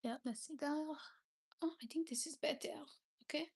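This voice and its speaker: A woman's voice: high voice, moderate pace, darkish tone. A woman from Paris with a French accent, French being her first language, chatting casually on a livestream from her bed and reading out comments with frequent ums and restarts. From France, Paris. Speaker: livestream host. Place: seated on her bed indoors. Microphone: phone.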